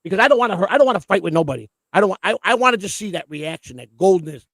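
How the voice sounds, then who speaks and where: A man hosts a loose livestream conversation, rattling on at high speed with plenty of swearing. His voice sits high and has a gravelly edge. The sound is close and dry. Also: very fast, dry recording. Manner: rambling, profane, excitable. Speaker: host. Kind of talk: casual livestream chat.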